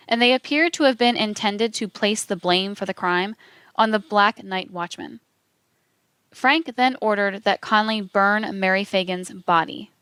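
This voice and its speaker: A woman narrating a true-crime account in a measured, even reading, voicing quote marks aloud. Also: mid-range voice, clean tone, no room sound.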